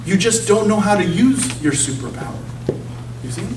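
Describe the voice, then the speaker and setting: A man gives a relaxed, conversational talk from the front of a church, his pitch rising and falling freely as he makes his points. He keeps checking in with the room, asking "you see?" and "okay?" The recording sounds distant and echoey, with a faint hiss underneath. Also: normal speed. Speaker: guest speaker at a church. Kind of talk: informal sermon talk. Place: church sanctuary.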